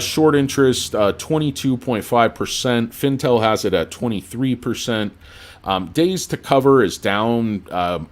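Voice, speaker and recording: A man hosting a casual livestream about stocks, talking emphatically and rambling with plenty of fillers, swinging from loud, punchy lines to mumbled asides. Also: on the low side. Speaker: livestream host.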